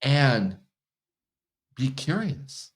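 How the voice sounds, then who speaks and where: Slow-talking man coaching on relationships. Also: mid-range voice. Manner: relaxed, laughs often, acts out quoted partners. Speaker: hypnotherapist and coach. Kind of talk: casual conversational interview.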